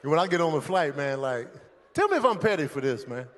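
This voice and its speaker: A man doing live stand-up comedy on stage, animated and loud, shouting out his impressions of airport staff. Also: a little high, quick pace. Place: comedy stage with a laughing audience.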